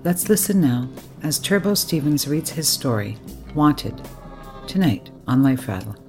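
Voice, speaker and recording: A woman hosting a radio story program, reading a scripted introduction in a measured, formal announcing manner. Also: deep voice, big pitch swings, darkish tone, soft background music. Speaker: radio story show host.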